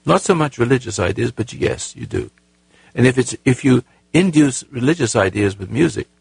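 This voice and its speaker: A man hosting a call-in advice show, talking in a halting, earnest way with many repeated words and a raspy voice. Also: medium pitch, dry recording. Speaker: radio call-in host.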